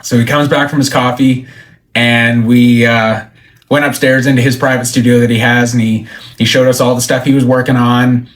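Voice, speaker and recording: A man's voice: mid-range voice, moderate pace. A man being interviewed as a country musician, telling stories casually and acting out the quoted lines. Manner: animated storyteller, acts out quoted lines.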